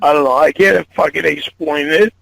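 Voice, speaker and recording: Man, gravelly and pitched a bit high, near tears on a phone call, halting and swearing. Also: fairly even intonation, fairly bright tone. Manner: halting, repeats himself, swears often. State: holding back tears. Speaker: caller.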